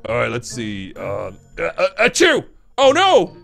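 A woman's voice: a bass voice, wildly swooping pitch, a little slow, creaky, soft background music, pitched below the performer's own voice, heavily acted. A woman voicing a gloomy, sneezing middle-aged dad in a blocky game roleplay, in a whiny manner.

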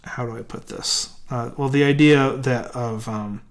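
A man giving a live reading of a classic horror story, measured and slow at tense moments. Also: medium pitch. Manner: hesitant, many fillers in his commentary. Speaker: reader.

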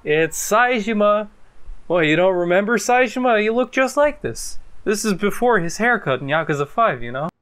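A young man commentating on a video game he is playing, excitable and foul-mouthed, with loud outbursts and frequent laughs. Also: high voice, brisk, few pauses. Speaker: gameplay commentator. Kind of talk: let's play commentary.

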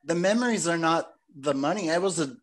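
A man's voice: fairly high pitch, lively intonation, a little fast. A man hosting a casual chat, telling long rambling stories and saying "dude" and "like" often. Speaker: podcast host.

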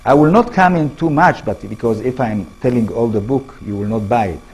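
A middle-aged man with an Israeli accent giving a public lecture in halting English, restarting phrases and putting questions to the audience. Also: medium pitch, darkish tone, breathy edge, poor audio.

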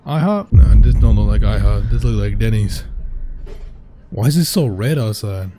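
A young man giving casual let's-play commentary, slangy and profane, reacting loudly and animatedly to the game. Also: fairly low pitch, expressive, moderate pace. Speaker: gaming channel host. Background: game music.

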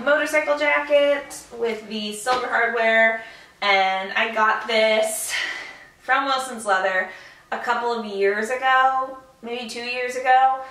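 A woman's voice: fairly high pitch, fairly bright tone, recorded from a distance. Chatty young woman, echoey room. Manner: chatty, enthusiastic, with fillers like "like" and "uh". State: out of breath. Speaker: fashion vlogger. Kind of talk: casual vlog narration. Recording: echoey room, away from the mic.

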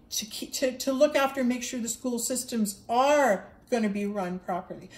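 A woman's voice: a little high, echoey room. A woman giving an earnest spiritual monologue, repeating herself and stumbling over restarts as she speaks. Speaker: spiritual livestreamer.

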